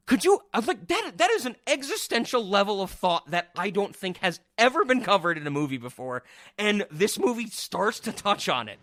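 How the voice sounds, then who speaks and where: Animated man retelling a film plot. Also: high voice, fairly quick, dry recording. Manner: animated storytelling, acts out quotes. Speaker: podcast host. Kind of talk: casual chat.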